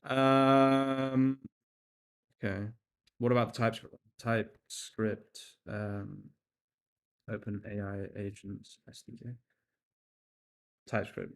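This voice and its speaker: A man's voice: fairly low pitch, level tone, slow, creaky, long pauses. A young man chatting casually on a live stream while coding, reading chat aloud, laughing and swearing now and then. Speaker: livestream host.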